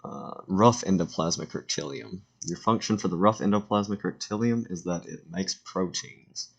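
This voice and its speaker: A teenage student with a low, gravelly voice narrates a school slideshow into a home computer mic at normal speed. He trips over words, corrects himself and drops in joking asides.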